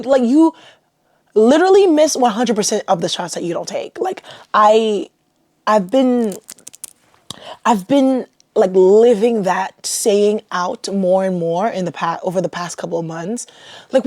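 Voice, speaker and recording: A woman's voice: mid-range voice, dark tone, no echo, clean studio sound. A young woman from Haiti hosting her own podcast, talking casually and self-deprecatingly with lots of "like.". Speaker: podcast host. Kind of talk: casual solo podcast chat.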